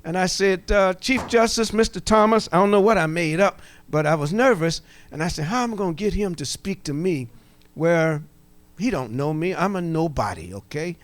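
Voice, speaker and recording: A middle-aged man from coastal Georgia with a Gullah Geechee Southern accent, telling folksy, animated stories in a workshop talk to a live audience. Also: on the high side, normal speed. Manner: animated storyteller, folksy, jokes with the room. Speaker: workshop presenter. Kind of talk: storytelling lecture to a live audience.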